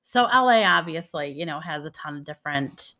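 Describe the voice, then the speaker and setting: A woman's voice: sits low, expressive, brisk, bright, forceful tone. A woman with a nasal Detroit accent, co-hosting a podcast and telling stories in rambling, chatty conversation. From Michigan. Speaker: podcast co-host. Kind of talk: casual chat.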